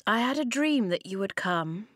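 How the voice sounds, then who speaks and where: A woman voicing a calm boy who leads his tribe and speaks in a measured way. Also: mid-range voice, dry recording, studio quality. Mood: thoughtful.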